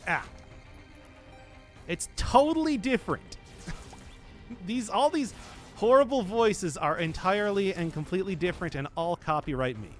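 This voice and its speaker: Brief: male streamer, high and very animated voice, rambling jokes, faint music underneath. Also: unhurried, pauses often. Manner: jokey, rambling, chatting with viewers. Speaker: game streamer. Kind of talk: casual gaming stream chat.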